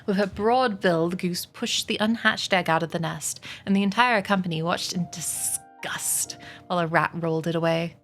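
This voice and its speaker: Her voice is fairly low-pitched with fairly even intonation and a moderate pace. On a casual livestream with soft music playing, she reads chapters aloud and chats with her viewers, giggly and friendly.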